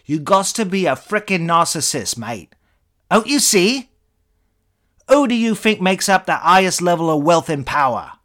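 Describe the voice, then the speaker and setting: A man voicing an enraged, crude middle-aged British comedian with an English accent, shouting and sneering. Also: high voice, big pitch swings, normal speed, voice pushed up. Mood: ranting.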